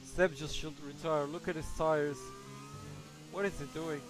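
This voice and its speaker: A man's voice: a little high, steady tone, unhurried. Casual man commentating a sim race. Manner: casual, hesitant, thinking aloud. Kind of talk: live sim racing commentary. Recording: music playing behind.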